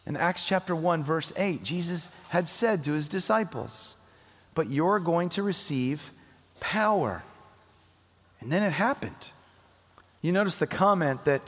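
An earnest male pastor delivers a sermon in a plain, conversational way, leaning hard on his key points. His voice sits a little high for a man. The recording carries the long, ringing reverb of a large hall. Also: normal speed. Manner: conversational preaching, earnest and emphatic.

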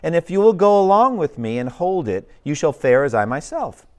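A man voicing an earnest male pilgrim, lifted a few steps above the reader's own pitch. He pleads with fervent, old-fashioned phrasing, urging his neighbors to come along. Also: big pitch swings, normal speed. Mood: pleading. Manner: fervent, pleading, archaic speech.

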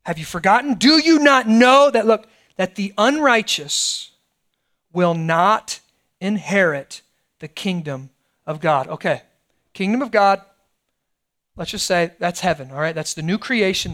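A middle-aged pastor preaching a sermon in a conversational way, often checking in with the congregation. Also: male voice, high-pitched, animated, unhurried, a bit bright. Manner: conversational preaching, frequent "right?" asides.

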